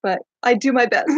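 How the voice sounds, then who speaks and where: A woman's voice: a little high, no room sound. A woman hosting a casual book discussion, chatty and eager, who laughs often. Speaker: podcast host. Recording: dull lo-fi dry sound.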